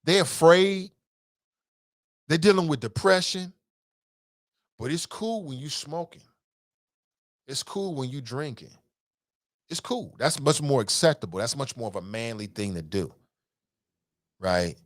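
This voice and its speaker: Picture a man talking into a close mic, his voice dry with no room around it, as he hosts a casual call-in talk show. His pitch sits in a middle range. He reads listener comments aloud and answers them in a blunt, animated way, swearing freely. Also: unhurried, pauses often, no echo.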